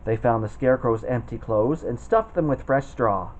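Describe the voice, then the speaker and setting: A man reading a children's storybook aloud, expressive and putting on voices for the characters. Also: mid-range voice, moderate pace, lo-fi sound, a little hiss or hum. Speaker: storybook reader.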